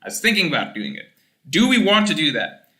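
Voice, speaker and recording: Animated young man chatting on stream. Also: a little high, a little fast, reverberant. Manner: rambling, animated, swears casually. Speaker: streamer reading chat. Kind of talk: casual livestream chat.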